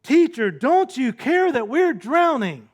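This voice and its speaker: A preacher acting out frantic frightened disciples. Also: male voice, fairly high pitch, moderate pace, close to an everyday voice. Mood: panicked. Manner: panicked yelling, then sheepish.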